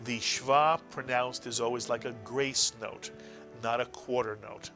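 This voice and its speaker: Brief: middle-aged male teacher, patient and repetitive, bright forceful voice, faint music behind. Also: medium pitch, fairly even intonation. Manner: patient, explains slowly, repeats key words. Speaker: Hebrew teacher. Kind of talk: classroom-style language lesson.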